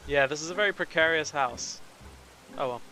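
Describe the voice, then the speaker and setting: A man's voice: on the high side, fairly quick, pushed and bright. A man doing playful, amused commentary while playing a video game. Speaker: let's play host. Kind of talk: casual gameplay commentary. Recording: voice over game music.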